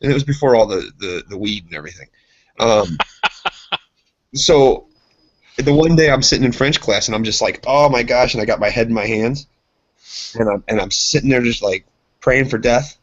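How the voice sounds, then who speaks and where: A man's voice: mid-range voice, normal speed, pauses often. A man co-hosting a casual podcast, telling rambling stories and acting out the other voices in them. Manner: animated, acts out voices in his stories. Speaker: podcast co-host. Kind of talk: casual chat, storytelling. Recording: dull lo-fi podcast audio.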